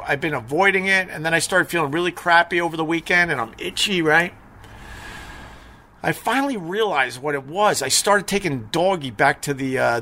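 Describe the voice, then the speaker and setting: Middle-aged guy ranting on his live stream, kinda stuffy from allergies, sarcastic, bright voice. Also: fairly high pitch, creaky. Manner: rambling, sarcastic, blunt. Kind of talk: casual live stream rant.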